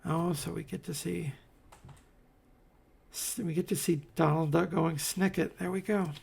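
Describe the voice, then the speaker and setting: A man's voice: a little high, steady tone, unhurried, creaky, darkish tone, a little hiss or hum. A man casually reviewing comics as he pages through them, rambling with wry asides and many fillers. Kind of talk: casual commentary while paging through comics.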